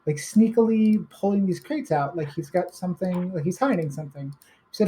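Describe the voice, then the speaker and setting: A woman's voice: fairly low pitch, lively intonation, fairly quick, mellow, poor audio. A woman playing a tabletop game, recapping events in a rambling way with fillers. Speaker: player.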